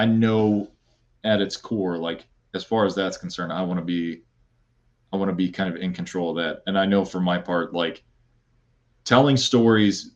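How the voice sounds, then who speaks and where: A low-voiced man, a content creator appearing as a podcast guest, chats playfully and rambles with lots of fillers and restarts. The audio has its highs cut off.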